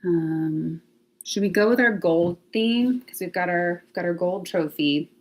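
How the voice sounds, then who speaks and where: Speaking a little slowly in a fairly low voice, this woman hosts a casual home livestream near the laundry closet. She chats live with viewers, thinks aloud and laughs often.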